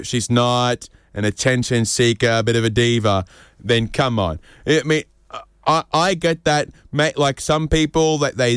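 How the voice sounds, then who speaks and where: Man, comic monologue, rambling, lively, dry close sound. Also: medium pitch, clear, resonant tone, no echo. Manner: animated, jumps into mocking voices; rambling, with fillers and restarts. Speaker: comedian. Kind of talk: comedic monologue.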